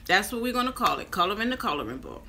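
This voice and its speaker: A woman's voice: medium pitch, sing-song, fast, creaky, bright, forceful tone. A woman in her fifties telling a personal story to her viewers in a chatty vlog. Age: 50s. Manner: chatty, addresses viewers directly. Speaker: vlogger.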